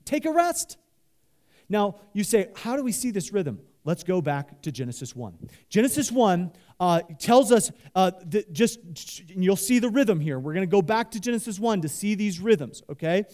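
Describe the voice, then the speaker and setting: A pastor preaching a sermon, animated, leading the congregation in call-and-response and talking loosely with many fillers and restarts. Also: male voice, high-pitched, normal speed.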